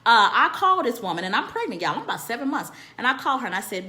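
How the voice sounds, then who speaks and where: A woman telling a personal story in a candid, animated and profane way, often repeating phrases for emphasis. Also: a little high, fast, few pauses. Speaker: storytelling vlogger.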